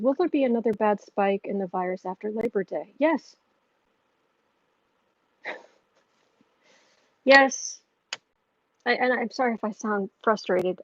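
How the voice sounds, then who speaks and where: A woman's voice: medium pitch, darkish tone, no room sound. Blunt, opinionated woman tarot livestreamer. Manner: blunt, opinionated, rambling with restarts. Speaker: tarot reader and channel host. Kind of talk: livestream reading viewer questions. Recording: dull lo-fi audio.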